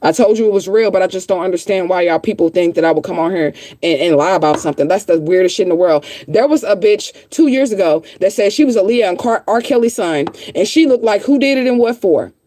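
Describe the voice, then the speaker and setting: Fast and with few pauses, this livestream host answers her viewers in a heated, profane, repetitive rant. Her voice is medium-pitched and warm, and a little hiss or hum runs through the audio.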